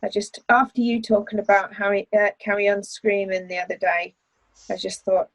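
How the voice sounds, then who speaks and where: A middle-aged woman co-hosting a casual online chat, telling animated stories and laughing often. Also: medium pitch, moderate pace, no echo, poor audio. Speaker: co-host. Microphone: video call.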